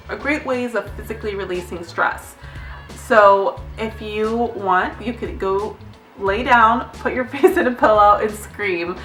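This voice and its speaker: A woman's voice: mid-range voice, bright, forceful tone, reverberant, recorded from a distance. A young adult woman, a nurse, giving candid, chatty advice in a casual vlog, now and then glancing at notes and swearing lightly. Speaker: nurse vlogger.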